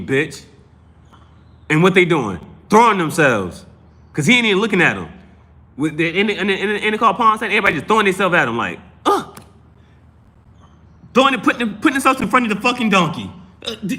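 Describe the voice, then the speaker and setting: Sitting high with a sharp tone, this man's voice carries a casual live tarot stream. His talk is rambling, profane, and emphatic, with frequent restarts and repeated phrases.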